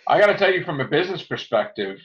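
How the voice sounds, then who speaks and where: A man's voice: fairly high pitch, big pitch swings, fast talker. A man hosting a casual movie chat, rambling through critical opinions with many fillers. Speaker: podcast host. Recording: dull lo-fi recording.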